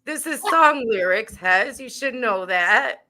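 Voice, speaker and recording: A woman's voice: on the high side, expressive, slow, a crowd in the background. A woman co-hosting a casual chat, mostly agreeing in short replies. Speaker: co-host.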